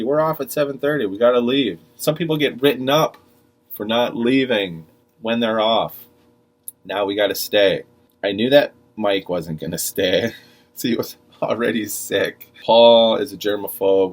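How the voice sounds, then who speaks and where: Middle-aged male podcaster, very low voice, exasperated profane retail anecdote. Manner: profane, exasperated, acts out quotes. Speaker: podcast storyteller, retail manager. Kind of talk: casual storytelling.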